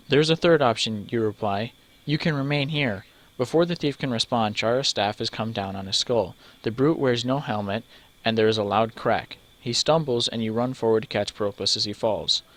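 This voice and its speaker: A man's voice: lowish voice, fairly bright tone. A man reading a text adventure game aloud, stumbling over names and breaking off for joking asides. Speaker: let's player.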